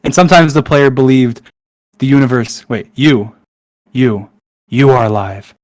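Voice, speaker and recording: A man's voice: medium pitch, a little slow. A man reading a long poem aloud in a hurry, tripping over words and breaking off with asides. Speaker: online content creator.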